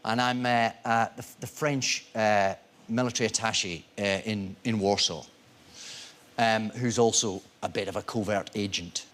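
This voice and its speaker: A man's voice: fairly low pitch, normal speed. A man, an actor guest on a talk show, telling anecdotes in a self-deprecating way. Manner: animated storyteller, self-deprecating. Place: TV studio.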